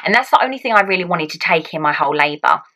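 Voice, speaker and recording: A young woman casually telling a personal story to her vlog audience, in an animated way with many "like"s. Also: fairly low pitch, rapid-fire, low-quality recording. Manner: animated, heavy use of "like" as filler. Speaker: vlogger.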